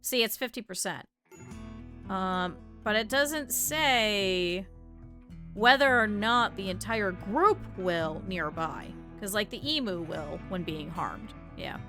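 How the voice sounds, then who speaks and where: A woman's voice: medium pitch, expressive, takes it slowly, over music. A young woman streaming a video game, chatting casually with her viewers and swearing in exasperated bursts at the game. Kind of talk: casual gameplay commentary.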